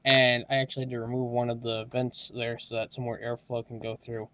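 A tired young man giving a casual, rambling hardware walkthrough, halting often with fillers as he moves around the camera mic. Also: mid-range voice, monotone, pushed and bright, no echo. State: tired, yawning. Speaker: tech hobbyist vlogger.

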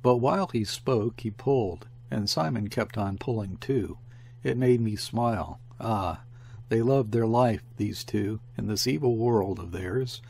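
A man reading a classic short story aloud as an audiobook narrator, in a measured storytelling manner. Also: on the low side, creaky, darkish tone, breathy edge. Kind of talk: scripted narration.

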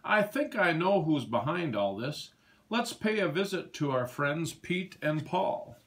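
A man doing a gentle, patient farm tractor from a picture book, raised a little above a plain speaking voice and swinging through a lively, sing-song range. He explains things to the farm animals calmly, like a wise old friend. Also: a little high, unhurried, voice pushed up. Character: kindly wise big red farm tractor.

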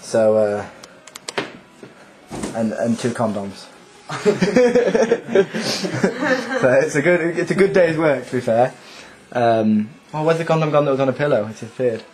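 A young man, a student, talking through a casual video diary in a relaxed, halting way, with a chuckle now and then. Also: medium pitch, a little hiss or hum, rough recording. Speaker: student vlogger. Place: student hall room.

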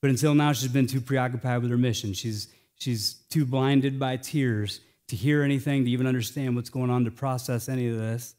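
An American male pastor delivering a sermon, swinging between hushed, slowed phrases and loud, emphatic lines. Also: medium pitch, steady tone.

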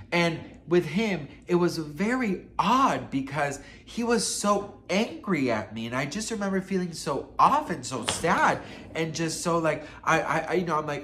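A man's voice: medium pitch, a bit bright, a little hiss or hum. A man telling a personal story in a casual, chatty vlog style, swearing freely and talking straight to the viewer as a friend. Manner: chatty and profane, addresses viewer as best friend. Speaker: gossip storyteller vlogger.

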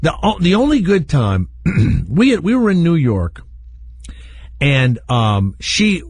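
A man hosting a talk radio show, rambling through candid stories and laughing at his own dark jokes. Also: fairly high pitch, huge pitch swings, slow, breathy edge, no room sound. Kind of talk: storytelling talk radio chat. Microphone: studio microphone.

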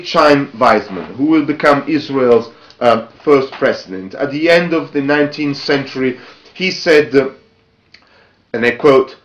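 A man from Italy, a journalist giving a spoken history lecture in a halting, hesitant way and stressing key words. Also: medium pitch. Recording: roomy echo.

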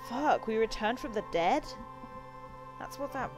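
A young woman casually commenting as she plays a horror game, sweary and quick to react. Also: fairly high pitch, animated, music in the background, poor audio. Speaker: let's play host.

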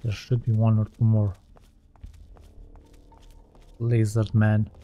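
A man's voice: fairly low pitch, monotone, slow, dark tone, highs cut off, a little hiss or hum. Rambling man narrating his gameplay. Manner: rambling, thinking aloud, self-correcting. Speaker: gaming channel host. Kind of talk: let's play commentary.

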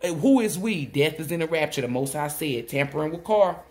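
A woman giving a solo tarot reading, rambling excitedly and swearing as she relays messages she says come from a spirit. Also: low voice, fairly quick. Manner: swoops between loud outbursts and muttering. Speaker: tarot reader.

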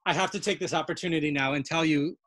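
A woman's voice: deep voice, quick pace, dry recording. A woman leads an online language lesson over a video call, bubbling with self-confessed nerdy enthusiasm. She explains word origins with plenty of "um"s and "uh"s. Her voice sits close and dry. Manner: enthusiastic, self-described nerd, explains with many fillers. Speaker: Yiddish dialect instructor. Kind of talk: online webinar lecture.

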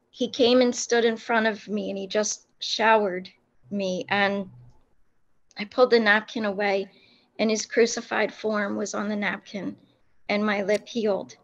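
A woman recounting a personal faith experience in an interview, speaking earnestly with many pauses and restarts. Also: medium pitch, level tone, a bit bright, dull audio. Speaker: guest telling her faith testimony.

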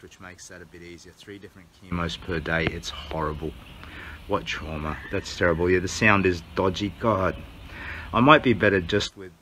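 A man's voice: low-pitched, bright, forceful tone, poor audio. An Australian man talking candidly and a bit ramblingly on a casual livestream vlog from a small cabin. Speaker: charity walker livestreaming. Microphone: earbud mic, then phone mic.

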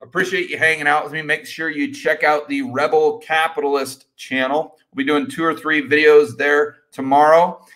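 A middle-aged man hosting a casual live stream Q&A, talking with energetic, rambling enthusiasm and repeating his words. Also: fairly high pitch, moderate pace, hardly any pauses. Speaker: host.

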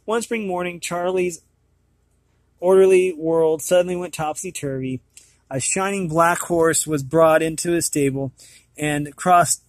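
A man reading a storybook aloud at a steady pace. His voice is a little higher than most men's and sounds close and dry. He often trips over words and goes back to fix them. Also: no room sound. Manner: stumbling, often correcting himself mid-sentence. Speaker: storybook reader.

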